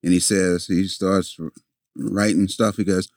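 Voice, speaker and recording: A man with a very deep, low voice tells a story in an animated way, repeating words as he goes and acting out the lines of the people in it. The recording is dry and close, with no echo. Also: a little slow. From a city, with family in the American South. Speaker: guest. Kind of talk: storytelling in a conversation.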